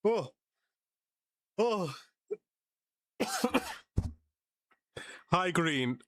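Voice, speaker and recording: A man's voice: on the high side, lively intonation, very slow, long pauses, fairly bright tone, no echo, studio quality. A man live-streaming, chatting casually with his viewers and pets, laughing often and rambling. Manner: giggly, rambling, talks to chat and pets.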